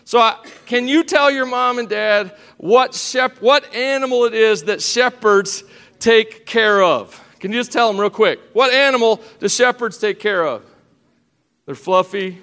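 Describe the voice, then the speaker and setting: A man's voice: high voice, a little slow, fairly bright tone, long reverb tail. A middle-aged man preaching a sermon in a folksy, joking way, talking straight to the congregation and the kids, his voice cracking a little. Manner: folksy, joking, addresses the congregation and children directly. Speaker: pastor. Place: church sanctuary.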